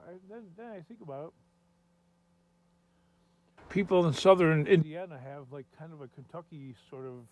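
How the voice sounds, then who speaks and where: A man chats in a loose, self-deprecating ramble, worn out but wired on caffeine. His voice sits a little high for a man. A faint hum runs underneath. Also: darkish tone, rough recording. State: tired, caffeinated. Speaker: scrap metal vlogger. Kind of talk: casual rambling vlog talk.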